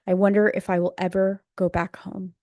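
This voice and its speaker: A woman narrating a memoir audiobook in a measured, subdued, even voice into a close studio mic. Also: mid-range voice, dry recording.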